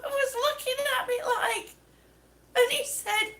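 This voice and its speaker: Woman on oxygen, livestream host; slow, chatty storyteller with a high, bright voice. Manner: chatty storyteller, laughs often. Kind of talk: casual chat, reading viewer comments.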